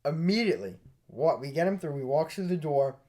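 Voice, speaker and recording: A young man co-hosting a podcast, telling a story in a casual, animated way and laughing as he goes. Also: a little high, brisk. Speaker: podcast co-host.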